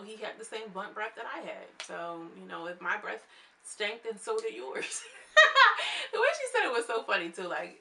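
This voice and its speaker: Chatty bright-voiced young woman vlogger. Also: medium pitch. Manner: chatty, animated, quotes people in voices. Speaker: reality TV reviewer. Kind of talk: casual recap vlog.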